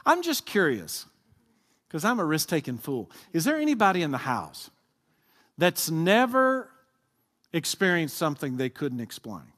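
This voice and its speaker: A man's voice: on the high side, sing-song, normal speed, a bit bright, breathy edge. A man preaching a sermon, talking with his congregation and asking them to answer aloud. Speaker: pastor. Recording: long hall reverb.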